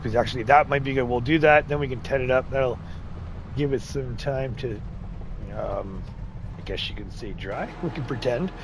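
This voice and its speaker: A man's voice: mid-range voice, moderate pace, background noise. A man hosting a live farming-game stream, chatting casually with viewers and joking with his in-game workers. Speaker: livestream host. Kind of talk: casual live gameplay chat.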